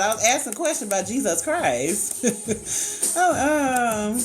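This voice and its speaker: A woman's voice: on the high side, very animated, slow pace. A woman counselor hosting a casual live-stream chat, blunt and colloquial, breaking into sound effects and laughter. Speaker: licensed counselor and channel host. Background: faint background music.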